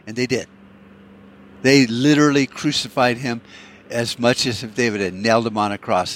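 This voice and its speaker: A man's voice: mid-range voice, a bit bright. A man hosting his own podcast, delivering an angry, profane political monologue with heavy emphasis and repeated words. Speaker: podcast host.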